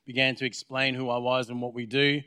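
Male pastor, mid-pitched, storytelling sermon, acts out dialogue, dry close sound. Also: flat delivery, fairly quick, pushed and bright, smooth, no room sound. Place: church.

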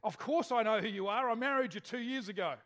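A weary pastor with a Korean accent, woken in the middle of the night, as a preacher puts him on. His patient replies come raised and a little loud. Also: sits high, fast.

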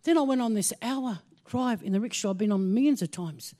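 A woman preaching a sermon, telling a personal story with animated swings between hushed asides and excited exclaiming. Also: fairly high pitch, brisk.

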